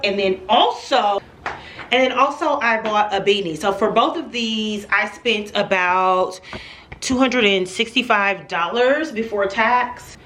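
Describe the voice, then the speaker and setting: A chatty woman talks straight to her viewers in a casual home vlog. Her voice, at a middle pitch, rings through an echoey room, caught by a camera set some way off. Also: fairly bright tone, distant mic. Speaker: vlogger.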